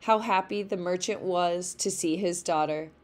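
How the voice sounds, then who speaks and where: A woman teacher reading a storybook aloud for a lesson, slow and careful. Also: fairly low pitch. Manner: slow, careful read-along pace.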